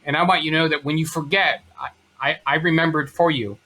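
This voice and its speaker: A man's voice: fairly high pitch, steady tone, a little fast, pushed and bright, voice pushed up. A man voicing his loving middle-aged mother, tender and insistent, speaking on the phone.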